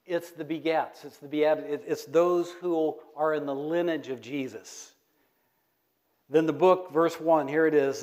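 In a church sanctuary, a middle-aged pastor poses questions to his congregation and pauses for their replies, preaching in a call-and-response style. He speaks at a measured pace with a fairly high, steady, somewhat dark voice.

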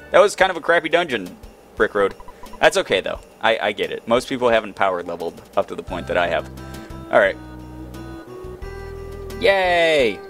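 A man's voice: on the low side, lively intonation, fairly quick, a bit bright, faint music behind. Goofy man joking through a game. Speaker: let's play gamer. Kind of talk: casual game commentary.

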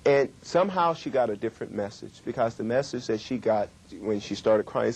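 A middle-aged man giving a workshop lecture on communication, with emphatic, drawn-out stresses. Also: medium pitch, expressive, vocal fry, darkish tone, breathy edge. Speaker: communication trainer.

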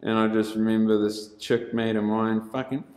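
A man's voice: on the low side, level tone, normal speed, very noisy. Swearing New Zealand man in an echoey room. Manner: profane, laughing, rough storytelling with bursts of shouting. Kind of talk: casual storytelling.

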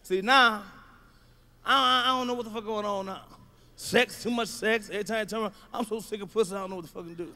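A male stand-up comedian, delivering a profane routine with shouted punchlines. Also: high voice, fairly even intonation, quick pace, a little hiss or hum.

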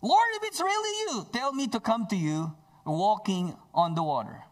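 A man voicing an impulsive adult fisherman disciple, crying out in a shrill, urgent voice well above his own pitch. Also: lively intonation, normal speed. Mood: eager.

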